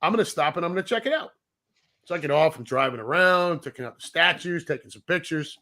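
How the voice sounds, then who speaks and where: Animated middle-aged man telling a story. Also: fairly high pitch, fast talker. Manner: animated storyteller, swearing, acting out quotes. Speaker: podcast co-host. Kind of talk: casual storytelling chat.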